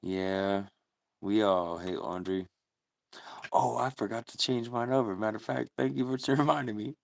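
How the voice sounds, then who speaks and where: A livestream host with a fairly low, gravelly voice talks at normal speed. His relaxed chat with viewers involves reading their comments and plenty of laughter.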